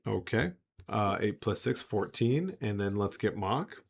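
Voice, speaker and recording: Man with a lowish voice as game master, loose and rambling narration. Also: animated, measured pace, gravelly, breathy edge. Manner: rambling, full of filler words and restarts.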